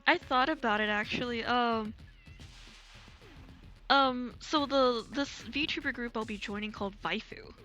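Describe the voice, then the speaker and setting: A woman streaming live, chatting casually and candidly with crude humor, sliding her voice higher and lower as she talks. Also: unhurried, bright, forceful tone, faint music behind. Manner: candid, crude, laughs often. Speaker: VTuber streamer.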